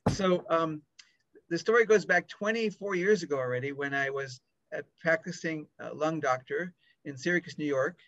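A man in his fifties, a pediatric lung doctor, telling a story with lively acted-out dialogue. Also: fairly high pitch, moderate pace. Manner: animated storyteller acting out dialogue. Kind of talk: storytelling talk. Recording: dry, dull lo-fi sound.

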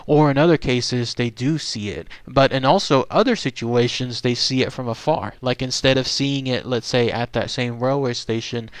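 Casual ghost-story host, a man, rambling with many fillers, dry close sound, mid-pitched. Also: dry recording. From Texas. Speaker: channel host. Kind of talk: casual unscripted storytelling monologue.

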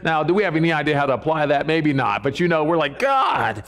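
A man's voice: fairly high pitch, fast talker. A man preaching a sermon to a church congregation in a conversational way, often checking in with the listeners.

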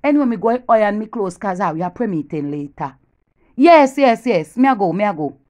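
A woman with a Jamaican accent doing a comic one-sided phone call, gossiping animatedly and swinging between loud boasts and hushed whispers. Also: medium pitch, expressive, quick pace.

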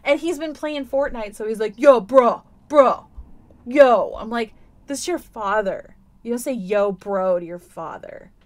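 A woman co-hosting a podcast, telling stories in a casual, profane, animated way. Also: on the high side, normal speed. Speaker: podcast co-host. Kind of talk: casual chat.

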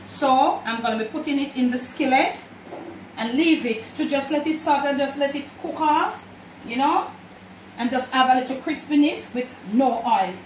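In her home kitchen, a woman with a Jamaican accent shows how to make a recipe while talking chattily to viewers she treats like family. She has a high voice and a moderate pace. Pans and dishes clatter in the echoey room, the mic sits far away, and there is slight background noise.

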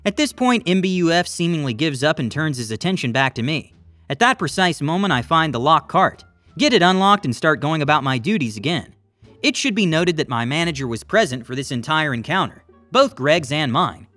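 Animated male narrator, higher voice, dry close sound, music faint underneath. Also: fairly quick, no echo. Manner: lively, wry storytelling. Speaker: story narrator. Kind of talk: scripted story narration.

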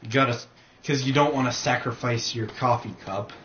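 A man's voice: mid-range voice, a little fast, fairly bright tone. A man joking around beside a friend who plays a video game, throwing in silly quips. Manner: goofy, silly quips, jokey asides. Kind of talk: casual banter. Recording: echoey room, lo-fi mic, clear background noise.

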